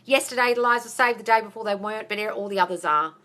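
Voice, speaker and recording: On a live phone stream, a woman answers viewers' questions in a casual Q&A, speaking fast and bluntly in a sharp, mid-range voice. She swears and calls everyone darling.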